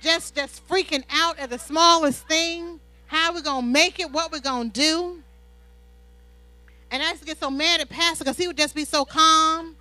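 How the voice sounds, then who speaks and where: Bright high-voiced woman preaching a sermon. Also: normal speed, no echo, rough recording. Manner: animated storytelling, call-and-response "Amen?". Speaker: pastor's wife preaching. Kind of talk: sermon with personal stories.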